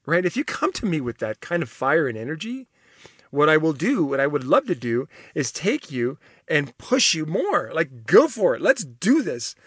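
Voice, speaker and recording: Lively, bright-voiced man riffing casually. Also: on the high side, moderate pace, no echo, studio quality. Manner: enthusiastic, rambling, laughs often. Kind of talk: casual monologue, reading and reacting to test results.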